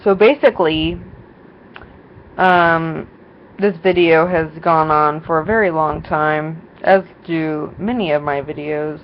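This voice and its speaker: A young woman vlogs casually in a low voice, taking her time as she rambles through a story packed with fillers and quoted voices. The recording is dull and lo-fi, with faint noise.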